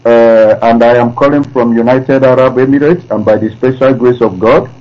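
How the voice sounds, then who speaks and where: A man's voice: medium pitch, steady tone, normal speed, soft background music. A man from Nigeria calling in to a radio show, speaking earnestly with frequent hesitations. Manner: earnest, hesitant with many uh fillers. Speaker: caller. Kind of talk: call-in radio talk. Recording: dull lo-fi internet call line.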